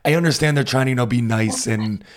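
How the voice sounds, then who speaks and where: A man co-hosting a casual chat, easygoing and quick to agree. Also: medium pitch.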